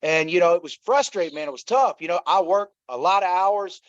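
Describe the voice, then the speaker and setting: Middle-aged man, interview guest, earnest and repetitive storyteller; fairly high voice, muffled dry recording. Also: fairly quick, dry recording. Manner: earnest, repeats himself, addresses listeners as y'all. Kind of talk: emotional personal storytelling. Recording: dull, slightly lo-fi dry sound.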